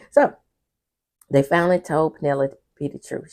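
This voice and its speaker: A woman's voice: deep voice, fairly even intonation, slow, creaky, long pauses, darkish tone, dry recording, clean studio sound. A woman chatting candidly through a casual TV episode recap, with laughing asides and a sleepy air. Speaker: TV recap vlogger.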